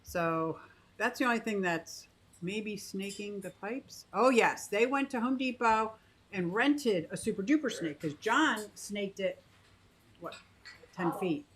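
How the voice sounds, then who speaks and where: Unhurried but expressive, the aquarium vlogger, a woman in her fifties, thinks aloud about her fish tanks while addressing the camera and live chat, breaking off and restarting often. Her pet bird gets high sing-song cooing. The recording sounds rough.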